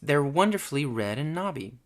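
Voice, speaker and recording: A man's voice: on the high side, big pitch swings, fairly quick, voice pushed up. A man voicing an admiring, gossipy female pigeon with a cooing manner.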